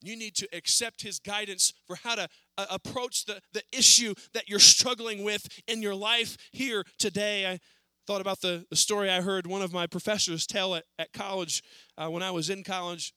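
A man preaching a sermon in a church service, earnest, rising to pleading and then dropping low. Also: fairly even intonation, moderate pace, bright, forceful tone, clear, resonant tone, dry recording.

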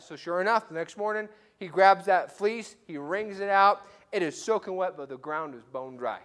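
A man's voice: high-pitched, normal speed, few pauses, a bit bright. A male pastor preaching a conversational, story-driven sermon to his church. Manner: conversational, storytelling with acted-out quotes.

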